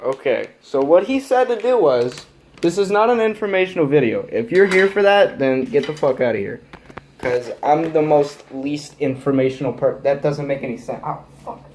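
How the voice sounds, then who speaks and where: A man's voice: fairly high pitch, lively intonation, moderate pace, darkish tone. A teenage boy talking casually in a rambling, profane, jokey way, recording his own vlog. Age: teens. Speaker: vlogger. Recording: echoey room with faint noise.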